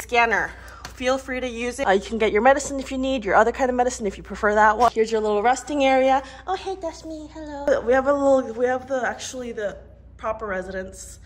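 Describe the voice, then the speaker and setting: A woman in her twenties giving a chatty, playful tour of her art studio, with giggly asides, recorded on a phone indoors. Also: high voice. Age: 20s. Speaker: vlogger and illustrator. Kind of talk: casual studio tour vlog. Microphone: phone camera mic.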